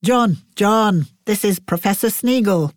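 A woman voicing a cheerful, easily distracted eccentric gentleman professor who talks with breezy enthusiasm. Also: sits high, a little slow, no echo, studio quality, pitched above the performer's own voice. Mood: flustered.

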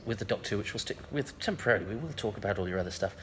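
A man hosting an interview podcast, asking questions in a brisk, chatty way. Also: on the low side, lively intonation, slight background noise. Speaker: podcast host. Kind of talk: casual interview.

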